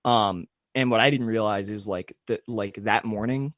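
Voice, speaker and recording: A man's voice: fairly low pitch, moderate pace, fairly bright tone, no echo, clean studio sound. A young man telling a long story in casual podcast chat, full of fillers and swearing. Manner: rambling, filler-heavy, swears freely. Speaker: podcast co-host.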